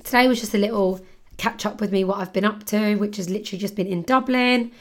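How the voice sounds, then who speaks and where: A woman's voice: medium pitch, quick pace. Chatty woman host with a sore throat. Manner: chatty, rambling, full of "like". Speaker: podcast host. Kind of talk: casual solo podcast chat.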